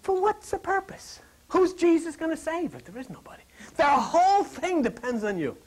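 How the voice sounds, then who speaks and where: A man preaching a lively sermon to a congregation, joking and dropping to a whisper to stress points. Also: very high-pitched, normal speed. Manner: animated, jokey, drops to whispers for emphasis.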